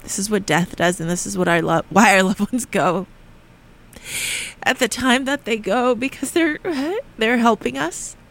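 A speaker in a radio studio giving a heartfelt, reflective monologue, halting with frequent restarts and sometimes dropping into a near whisper. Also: medium pitch, gravelly, a bit bright. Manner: earnest and heartfelt, drifting at times into a near whisper. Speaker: radio show speaker on grief and spirit communication.

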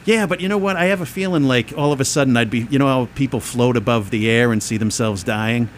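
Man, medium pitch, casual rambling podcast co-host, light noise floor. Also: quick pace. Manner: chatty, rambling, laughs often. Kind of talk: casual chat.

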